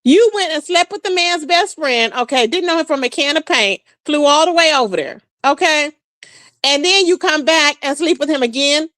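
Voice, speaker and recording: A woman's voice: high-pitched, normal speed, no room sound. A woman hosting a casual livestream, sassily commenting on reality-show gossip and greeting chat viewers. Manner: sassy, animated, talks straight to chat viewers. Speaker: livestream host.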